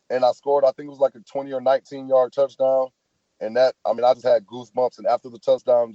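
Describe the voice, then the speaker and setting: A relaxed man with a Southern US accent talks through stories as a podcast guest, dropping "man" and "you know" as he goes. His voice is mellow and dark. The audio is dry and a little dull. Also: mid-range voice, no room sound. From American South. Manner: laid-back, storytelling, says "man" often. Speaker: football player guest. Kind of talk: casual podcast chat.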